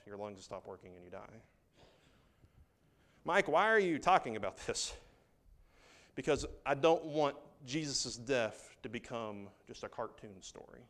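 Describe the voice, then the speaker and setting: Smooth-voiced man preaching a sermon. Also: medium pitch. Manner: conversational, swings from loud reading to hushed asides. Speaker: pastor.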